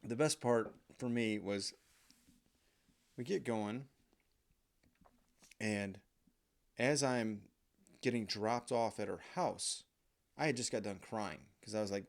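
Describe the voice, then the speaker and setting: A man's voice: fairly low pitch, a little slow, creaky, pauses often. A man hosting a podcast, telling a comic personal story in a profane, self-mocking, rambling way. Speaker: podcast host.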